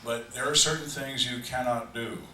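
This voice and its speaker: Older man, deadpan storyteller, echoey room. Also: mid-range voice, a little hiss or hum. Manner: dry deadpan storyteller with slow emphatic pauses. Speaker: retired homicide detective telling stories at a fan Q&A. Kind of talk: live storytelling Q&A. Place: event room on a cruise ship, live audience. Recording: echoey room, distant mic, faint ambience.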